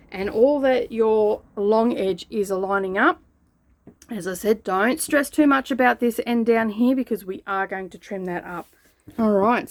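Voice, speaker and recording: A woman hosting a sewing channel, giving relaxed, chatty step-by-step instructions. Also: mid-range voice. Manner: relaxed, chatty instructions with frequent "okay" and "all right". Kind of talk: step-by-step craft tutorial.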